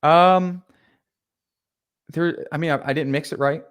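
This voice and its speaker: Young male podcast guest, lively storyteller, acts out his own lines. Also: fairly high pitch, a little slow, clear, resonant tone. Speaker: podcast guest, painting contractor. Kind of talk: casual storytelling.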